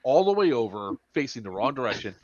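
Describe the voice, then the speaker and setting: A man's voice: medium pitch, very animated, fast talker, muffled recording, crowd noise. A man hosting a podcast, telling a story in casual chat, profane and laughing as he goes. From Florida. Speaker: podcast host.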